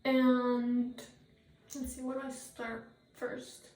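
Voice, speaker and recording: Here a teenage girl does a get-ready-with-me vlog in her bathroom, talking loosely, filling gaps with "like" and "um," and recounting others' words. She speaks slowly in a fairly high, flat, somewhat dark voice. Her tablet sits at a distance, picking up bathroom echo plus a faint hiss or hum.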